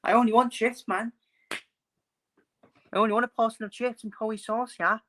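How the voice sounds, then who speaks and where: A man's voice: sits high, steady tone, moderate pace, pushed and bright, a little hiss or hum, voice pushed up. A man putting on a fuming Scouse footy fan. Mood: chirpy. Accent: Liverpool. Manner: exaggerated, sing-song, tags every phrase with mate. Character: fuming young male Liverpool fan craving chips.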